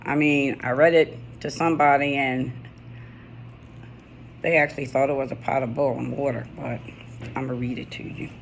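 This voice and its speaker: A woman's voice: a bass voice, steady tone, moderate pace, creaky, long pauses, slight background noise. A middle-aged woman with a US East Coast accent, talking casually in a personal vlog and reading her own poem, often laughing and repeating phrases for emphasis. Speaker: vlogger.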